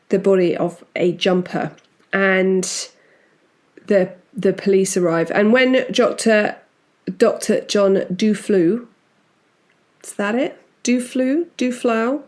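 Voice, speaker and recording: Woman podcast host, relaxed and chatty, mid-pitched, with frequent asides while recounting a case. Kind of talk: casual true-crime storytelling.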